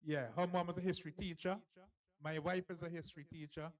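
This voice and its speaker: Jovial author-host, slightly high man's voice, teasing and laughing. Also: flat delivery, quick pace, rough recording. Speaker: author and host of a book launch. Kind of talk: lively live event hosting.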